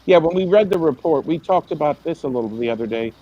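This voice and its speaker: Man, fairly high voice, hesitant, filler words, dull lo-fi sound. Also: animated, fast talker, mellow. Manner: hesitant, many fillers while recalling details. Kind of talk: casual podcast discussion.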